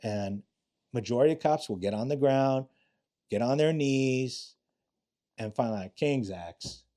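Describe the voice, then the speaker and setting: Retired cop guy late 50s, swears a lot, acts out the quotes, middle pitch, warm dark voice. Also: moderate pace. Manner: blunt and profane, acts out quotes in his stories. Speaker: retired police officer, podcast guest. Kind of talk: casual interview storytelling.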